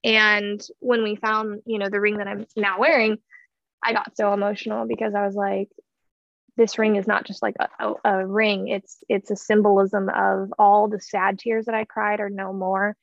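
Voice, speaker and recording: A woman's voice: mid-range voice, level tone, moderate pace, vocal fry, dry recording, muffled recording. A woman in her thirties telling a heartfelt personal story in an earnest way, with many fillers and restarts. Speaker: guest sharing her story.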